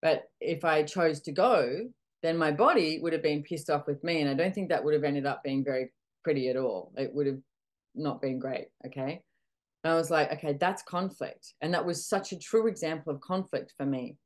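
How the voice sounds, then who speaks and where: A middle-aged woman hosting a casual coaching talk, animated, acting out little dialogues and swearing freely. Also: low-pitched, moderate pace. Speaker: podcast host and facilitator.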